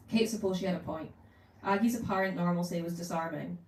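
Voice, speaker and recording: A woman author, reading her novel aloud at a bookshop event in a measured narrating voice. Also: fairly low pitch, a little mellow. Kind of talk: live book reading. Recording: roomy room, distant mic.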